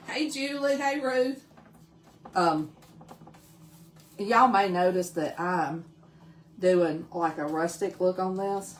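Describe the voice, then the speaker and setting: A woman's voice: mid-range voice, reverberant, recorded from a distance, a little hiss or hum. A woman from Tennessee with a Southern accent, chatting casually while demonstrating a craft on a live stream and greeting viewers by name. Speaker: craft livestream host.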